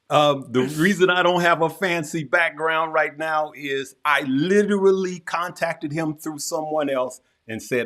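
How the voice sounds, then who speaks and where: An energetic man hosts a live stream and calls his viewers "good people" in a folksy manner. He talks right at the audience and keeps the hype going. He stresses his points by saying them again and again. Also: fairly high pitch, moderate pace, few pauses. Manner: repeats phrases for emphasis. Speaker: host of a live investing show. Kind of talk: hyped-up live stream chat.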